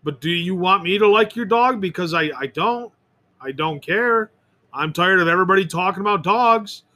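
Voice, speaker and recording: Rambling, opinionated man with a high, bright voice. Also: normal speed. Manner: rambling, opinionated, repeats and restarts words. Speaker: podcast host. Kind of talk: rambling solo monologue.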